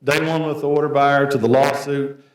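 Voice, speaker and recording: A man's voice: medium pitch, flat delivery, a little fast, a little hiss or hum. A man, an auctioneer, giving a plain-spoken, story-filled tribute speech at an award event. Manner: folksy, anecdotal, plain-spoken. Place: banquet hall. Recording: echoey hall, voice from a distance.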